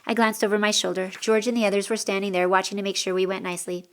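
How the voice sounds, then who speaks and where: A woman reading a first-person story as an audiobook narrator, steady and clear. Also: medium pitch, fast talker.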